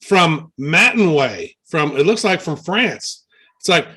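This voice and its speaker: A man's voice: high voice, big pitch swings, moderate pace, fairly bright tone, husky. A man co-hosting a casual podcast, joking in easygoing banter. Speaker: podcast co-host.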